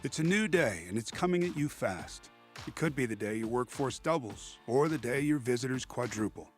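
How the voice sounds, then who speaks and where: Male national-spot voice-over, energetic, faint music bed. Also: mid-range voice, moderate pace. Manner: upbeat, punchy. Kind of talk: scripted commercial voice-over.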